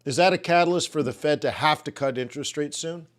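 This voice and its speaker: Speaking quickly in a fairly high voice, this man runs a live trading webinar. He riffs casually on the jobs numbers and fields questions from the chat with a joking tone.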